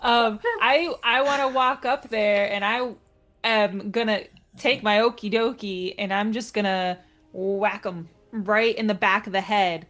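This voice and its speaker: A woman playing in a casual tabletop game, speaking softly and a little hesitantly. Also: medium pitch, fairly even intonation, a little slow. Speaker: player.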